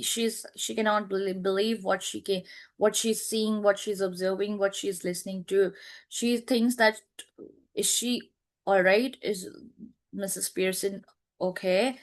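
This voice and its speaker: A woman teacher explaining a play line by line, repeating herself and checking with "right?", pausing to search for words. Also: medium pitch, steady tone.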